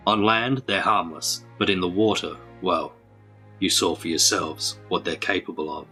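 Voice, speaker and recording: Gruff tired warrior from a storybook, lowish bright voice, glum, man reading. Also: moderate pace, faint music behind, rough recording. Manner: glum and steady. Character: gruff grown male warrior guide, glum.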